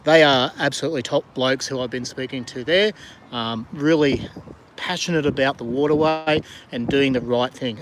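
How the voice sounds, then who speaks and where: A middle-aged Australian vlogger and diver live-streams from a kayak on a river in the rain, chatting casually and rambling with fillers as he greets viewers. His voice is medium-pitched and a bit bright, with a little hiss or hum on the recording.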